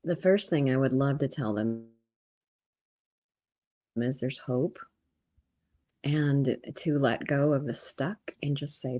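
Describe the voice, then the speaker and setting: A woman with a very low-pitched voice, speaking as a guest on a podcast. She is mostly calm and reflective. She grows animated when she retells a story. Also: slow pace, long pauses. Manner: calm and reflective, turning animated while telling stories. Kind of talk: casual interview chat.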